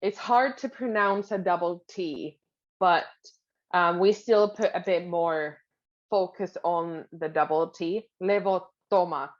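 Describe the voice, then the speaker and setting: A woman teaching Finnish pronunciation, patiently explaining and repeating each word slowly. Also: on the low side, highs cut off. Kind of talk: pronunciation lesson.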